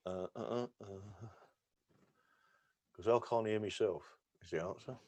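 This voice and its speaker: A man's voice: fairly low pitch, unhurried, a little mellow, no room sound. An English man hosting a livestream, chatting casually in a rambling, jokey way with lots of stammers and fillers. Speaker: livestream host.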